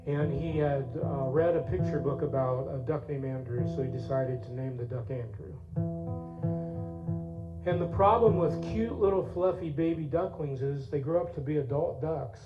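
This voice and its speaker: A man's voice: on the high side, moderate pace. A man telling a story in a chatty, folksy way, with asides to the audience at a church service. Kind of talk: storytelling with song. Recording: echoey, tinny, loud guitar.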